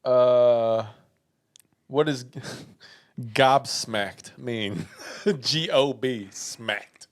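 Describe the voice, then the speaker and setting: A man co-hosting a casual podcast, playfully quizzing his friend on slang words, spelling them out slowly and laughing often. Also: mid-range voice, dry recording, studio quality. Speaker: podcast co-host. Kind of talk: casual chat.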